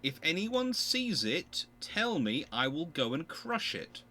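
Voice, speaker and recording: Animated man streaming a strategy game. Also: a little high, takes it slowly. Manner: thinks aloud, exasperated and mock-outraged. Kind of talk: live gameplay commentary. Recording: faint background music.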